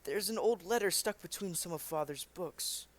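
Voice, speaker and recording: An earnest, curious young gentleman, thoughtful and sincere, as a man reading a comic aloud puts him on. His voice sits a little high for a man. He muses steadily over what he has found. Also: moderate pace.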